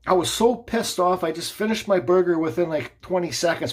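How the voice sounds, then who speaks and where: A husky man with a fairly high voice tells a story in a relaxed, rambling way. He restarts his sentences and adds little asides as he goes, chatting to his viewers like a woodcarving vlogger. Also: brisk. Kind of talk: casual storytelling vlog.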